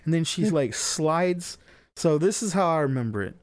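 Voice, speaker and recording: A man's voice: a little high, lively intonation, normal speed, no room sound. A young man telling a long story in casual podcast chat, rambling with many fillers and frequent swearing.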